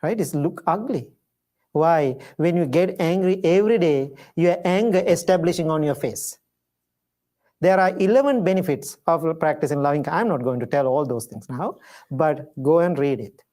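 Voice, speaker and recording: A man, a Buddhist monk, giving a dharma talk in gentle storytelling with simple, repeated phrases. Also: on the high side, normal speed. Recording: live talk to an audience.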